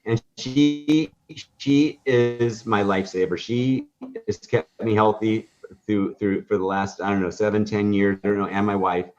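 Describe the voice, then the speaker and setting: A man's voice: fairly low pitch, fairly even intonation, unhurried, a little mellow, soft background music. A man telling a story in a podcast interview, rambling through fillers and restarts and acting out the dialogue. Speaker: guest, hot dog stand owner. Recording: dull lo-fi podcast audio.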